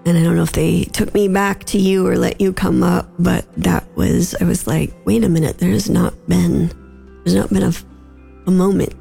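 Woman w a very creaky husky voice, emotional, fighting tears while telling a story, faint music. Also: on the low side, fairly even intonation, dark tone. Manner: emotional, holding back tears, quick bursts. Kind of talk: conversational storytelling.

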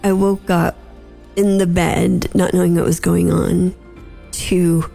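Woman w a very creaky husky voice, emotional, fighting tears while telling a story, faint music. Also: on the low side, little pitch movement, mellow. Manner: emotional, holding back tears, quick bursts. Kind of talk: conversational storytelling.

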